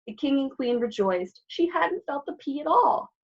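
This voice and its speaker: A woman librarian reading a picture book aloud at children's story time, expressive, with asides to the children. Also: sits high, normal speed, lo-fi sound.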